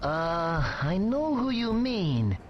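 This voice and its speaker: Grumbling harbor local in a game, lively pitch, dull lo-fi audio. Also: male voice, slow, faint music behind, exaggerated voice.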